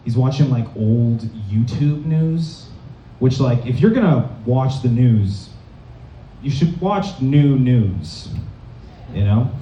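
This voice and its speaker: A young man from Massachusetts doing a rambling stand-up set in a comedy club, deadpan and full of fillers. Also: medium pitch, takes it slowly, a little hiss or hum. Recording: dull, roomy, distant club recording.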